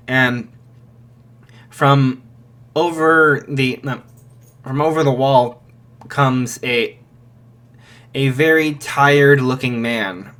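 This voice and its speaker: Man telling a made-up fan story, slow, hesitant, casual, mid-pitched. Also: a bit bright. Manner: hesitant, many fillers and restarts.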